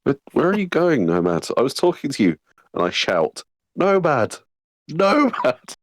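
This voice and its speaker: A man's voice: mid-range voice, sing-song, a little fast, background noise. A man playing a tabletop game, teasing and playful. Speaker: player. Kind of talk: casual tabletop game play.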